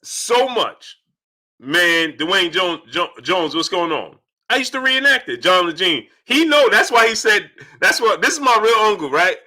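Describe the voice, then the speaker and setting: A man hosts a live stream in a loose, animated chat style, calling out viewers' names in quick succession. His voice is fairly high and very bright, with a forceful, cutting edge. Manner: animated, shouts out chat names rapid-fire.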